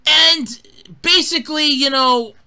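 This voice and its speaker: A man giving an angry, profane gaming rant, swinging between muttering and exasperated shouting bursts. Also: very high voice, slow. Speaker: gaming commentator.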